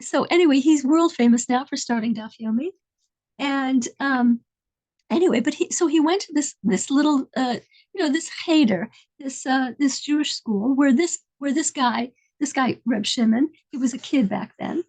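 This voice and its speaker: A woman's voice: high-pitched, normal speed, darkish tone, low-quality recording. A woman telling an inspirational story in a conversational lesson, meandering as she searches for details.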